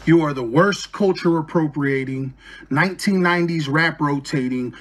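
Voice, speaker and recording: A man's voice: on the high side, moderate pace, a bit bright. A man reading his battle rap verse from notes, mocking his opponent with punchline after punchline. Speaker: battle rapper.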